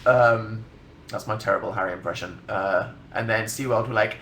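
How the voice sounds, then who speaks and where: In a bedroom livestream setup indoors, a twenty-something host from England rambles sardonically, laughing frequently as he reads comments aloud. He has a lowish, steady voice at a moderate pace, a bit bright, in an echoey room with a little hiss or hum.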